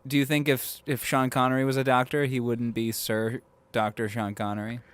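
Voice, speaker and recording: A man's voice: medium pitch, little pitch movement, moderate pace, clean tone. A man co-hosting a casual film podcast, reading a plot summary aloud and bantering with friends. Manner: reads plot summaries, then jokes and banters. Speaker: podcast co-host.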